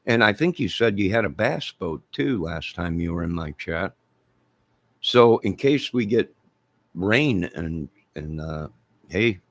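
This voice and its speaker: A man's voice: lowish voice, dry recording. A middle-aged man hosting a livestream, chatting casually with viewers in a rambling, joking way. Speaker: livestream host. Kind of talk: casual chat with live viewers.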